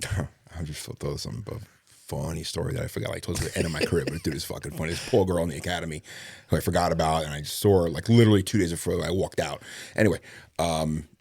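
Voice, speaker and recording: A man's voice: deep voice, creaky, darkish tone, no room sound, clean studio sound. A middle-aged man, a retired police detective, tells rambling, profane stories in a casual interview. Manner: profane, rambling storyteller who acts out others' lines.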